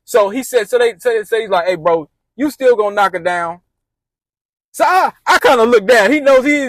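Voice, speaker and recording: A man with a high-pitched voice tells a personal story in loose, slang-filled talk. He rambles and repeats himself, and he acts out his friends' advice in quotes. The sound is close and dry, with no room echo. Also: fairly bright tone. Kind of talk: casual storytime monologue.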